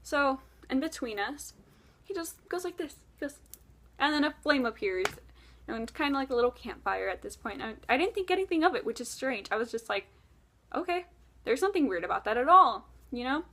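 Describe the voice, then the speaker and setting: A woman vlogger recounting a dream straight to the camera, chatty and animated, with frequent "like" fillers. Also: high voice, brisk, a little hiss or hum. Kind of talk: storytelling to camera.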